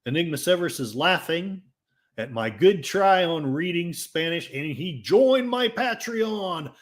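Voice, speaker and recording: A man's voice: a little high, expressive, unhurried. A man with an Oklahoma accent hosting a casual livestream, reading chat comments in a rambling, jokey and self-mocking way. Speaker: livestream host.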